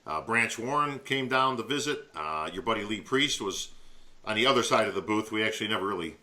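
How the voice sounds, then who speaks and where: A man's voice: lowish voice, expressive, fairly quick, bright, forceful tone. A man co-hosting a podcast, talking casually and laid-back, often saying "bro". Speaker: podcast co-host. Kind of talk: casual chat.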